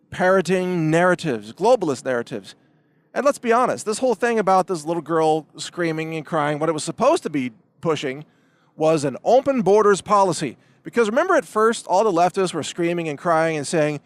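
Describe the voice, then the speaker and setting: A man's voice: high-pitched, dry recording. A man delivering a combative political commentary monologue, speaking emphatically, repeating words and addressing his opponents directly. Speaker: commentary host.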